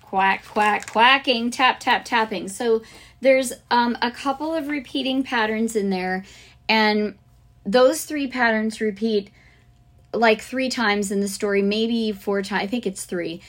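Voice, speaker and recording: A woman's voice: a little high, unhurried. A woman hosting a podcast for music teachers, talking casually and enthusiastically about lesson ideas, with plenty of fillers and restarts. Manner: chatty, enthusiastic, chants rhythms and sings snippets.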